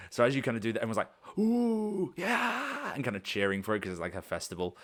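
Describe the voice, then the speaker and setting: Game master, man, very low voice, loose rambling narration. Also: fast, a bit bright. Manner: rambling, loose, with many fillers.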